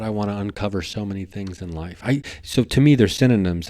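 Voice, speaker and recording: Low-voiced rambling male podcast host. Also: a little mellow. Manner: rambling, playful, stumbles over words. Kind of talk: casual podcast monologue.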